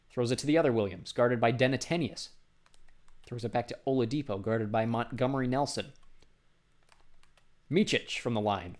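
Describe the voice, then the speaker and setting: A man in a mid-range voice calls a basketball game play by play. He names each pass in quick, clipped phrases and his voice jumps up when a big shot goes in. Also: mid-range voice, a little mellow. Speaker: play-by-play commentator.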